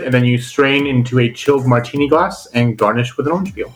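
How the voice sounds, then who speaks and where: A man's voice: medium pitch, brisk. A man co-hosting a casual podcast, reading recipes with joking, crude asides. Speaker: podcast co-host. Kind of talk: casual chat.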